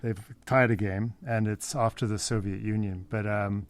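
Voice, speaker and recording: A man's voice: fairly low pitch, steady tone, moderate pace, dry recording. A man hosting an interview, talking in an affirming, conversational way. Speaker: podcast host.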